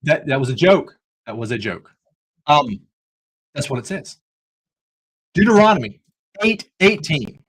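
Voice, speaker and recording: A man's voice: fairly high pitch, very animated, measured pace, long pauses, a bit bright, husky, rough recording. A man hosting a livestreamed Bible study podcast, talking in an earnest, preacherly way with jokey asides. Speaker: podcast host.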